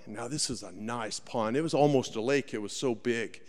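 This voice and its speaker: A man's voice: mid-range voice, animated, fairly quick. A man telling a story in a sermon, folksy and dramatic, acting out the voices of the people in it. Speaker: preacher. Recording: long hall reverb.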